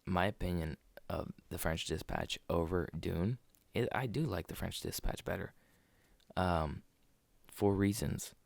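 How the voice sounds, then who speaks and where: Deep raspy guy rambling about movies on a podcast mic, dry sound. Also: a little slow, no echo. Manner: rambling, restarts sentences, laughs often. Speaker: podcast co-host. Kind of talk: casual movie chat. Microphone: desk podcast mic.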